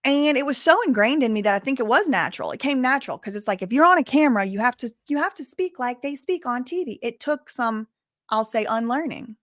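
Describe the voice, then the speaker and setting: A woman YouTuber with a softened Southern accent, telling her story to camera in a candid, emphatic way and repeating words for stress. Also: high voice, expressive, a little fast, no echo, clean studio sound. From US South, bayou country.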